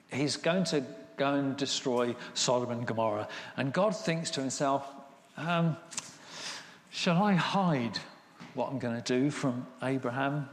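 A man preaching a sermon, retelling scripture in casual paraphrase and acting out the voices. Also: mid-range voice. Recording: echoey hall with long reverb.

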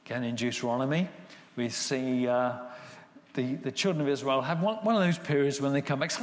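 A man's voice: mid-range voice, a little fast. A man preaching a sermon, retelling scripture in casual paraphrase and acting out the voices. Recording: echoey hall with long reverb.

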